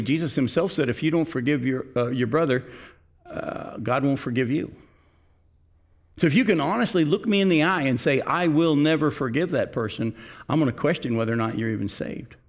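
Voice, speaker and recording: A middle-aged male pastor preaching a sermon, earnest and direct, often putting questions to his congregation. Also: mid-range voice.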